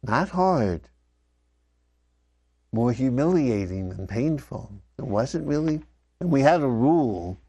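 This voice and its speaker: An older man telling personal memories straight to his father, reflective, often letting his voice sink soft and low. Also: sing-song. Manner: slow, reflective, often dropping softly. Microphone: wired microphone.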